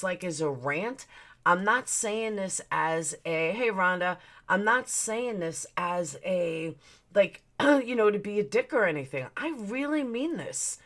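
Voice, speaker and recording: A woman's voice: medium pitch, a bit bright. A woman hosting a livestream, ranting heatedly with lots of swearing and breaking off to greet viewers in chat. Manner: heated, profane, greets chatters mid-rant. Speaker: livestream host. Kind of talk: casual livestream rant.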